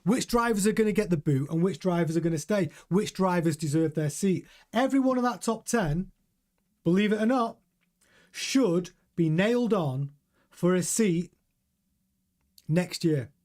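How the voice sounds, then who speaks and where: Higher-pitched guy hosting a live stream, opinionated, chatting with viewers. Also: lively intonation, moderate pace, darkish tone. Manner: chatty, opinionated, reads chat aloud. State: drinking coffee. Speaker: host. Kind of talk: casual live-stream commentary.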